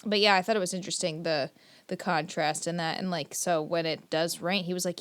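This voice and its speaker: A woman's voice: on the low side, animated, fairly quick, no echo. A young woman co-hosting a podcast, retelling a story in casual chat with lots of fillers and swearing. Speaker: podcast co-host.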